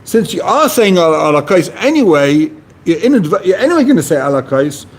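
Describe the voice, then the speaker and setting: A man's voice: high voice, brisk. A man teaching a Talmud class, reading phrases aloud and then explaining them in plain, casual words. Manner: reads Aramaic phrases then translates casually, animated. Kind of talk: explaining Talmud text to a study partner.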